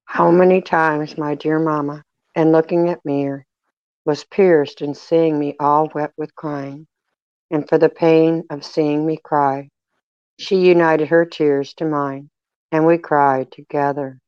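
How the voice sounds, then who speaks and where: A reader voicing a sorrowful, tender Jesus in a devotional reading, with a measured, even delivery. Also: mid-range voice, smooth, dry recording, highs cut off, lightly acted. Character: sorrowful man speaking as Jesus, tender and grieving.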